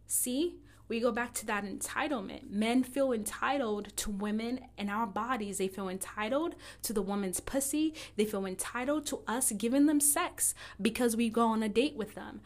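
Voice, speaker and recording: A woman's voice: high-pitched, fairly quick, few pauses. A woman giving a blunt, impassioned and profane monologue straight to her listeners.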